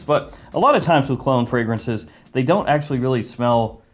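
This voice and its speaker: A man's voice: medium pitch, expressive, normal speed, few pauses, darkish tone. A man giving a casual, jokey fragrance review as host, chatty and self-mocking.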